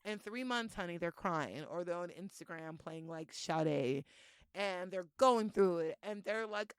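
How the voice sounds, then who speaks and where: A woman's voice: mid-range voice, moderate pace, clean tone, dry recording. A young woman hosting a podcast in a casual solo monologue, brash and heavy on swearing. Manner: brash, profane and animated, with laughs. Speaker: podcast host.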